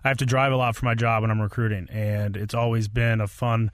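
A man's voice: fairly low pitch, flat delivery, brisk, no room sound, studio quality. A man who is a football coach, chatting in a friendly, easygoing way as a podcast guest. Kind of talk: casual podcast chat.

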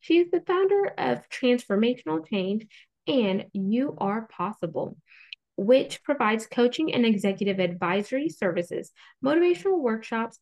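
A woman's voice: fairly high pitch, darkish tone. Upbeat woman hosting a podcast. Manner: upbeat, playful quiz-show delivery. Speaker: podcast host. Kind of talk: podcast interview.

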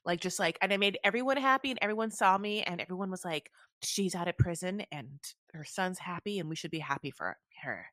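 Co-hosting a podcast, a woman casually recaps a reality show, animated and swearing as she acts out what people say. Her pitch is fairly low and her pace brisk, with hardly any pauses. The sound is clean studio quality with no room sound.

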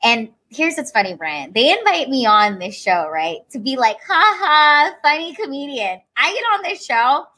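A woman's voice: fairly high pitch, normal speed, few pauses, husky. A woman comedian, a guest on an interview show, telling her stories casually and acting out what people said. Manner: animated, acts out quoted voices.

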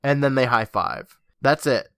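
A man's voice: medium pitch, animated, a little slow, vocal fry, a bit bright, clean tone, no echo. A young man co-hosts a podcast, walking through an episode's scenes in casual chat. His tone is wry and mocking, and he laughs often. His voice sits in a middle range and sounds dry and close, with no room around it. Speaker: podcast co-host.

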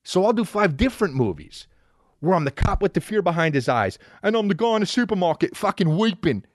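A man's voice: sits high, sing-song, brisk, dry recording, studio quality. A man on a comedic rant, profane and rambling, swinging his delivery up and down as he riffs.

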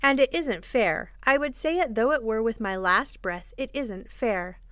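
A woman's voice: fairly high pitch, expressive, measured pace, fairly bright tone, no room sound, studio quality. Woman voicing a blustering pompous father. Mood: indignant. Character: blustering, self-pitying middle-aged father.

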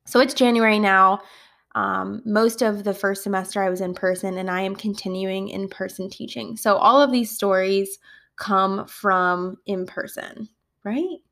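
A woman's voice: medium pitch, a little slow, vocal fry. A woman who is a kindergarten teacher, casually telling funny classroom stories with lots of laughter. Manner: animated, laughs often while telling stories. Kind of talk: casual storytelling podcast.

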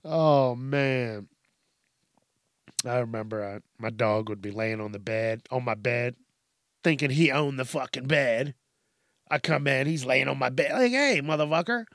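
A man's voice: medium pitch, unhurried, long pauses, fairly bright tone, dry recording, studio quality. A man hosting a solo podcast, rambling casually with a lot of swearing and laughing at his own tangents. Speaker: podcast host.

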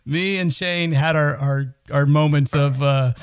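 A man's voice: on the high side, fairly even intonation, a little slow, clean tone. A man hosting a casual interview, chatty and emphatic, with rambling questions. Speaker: show host and musician.

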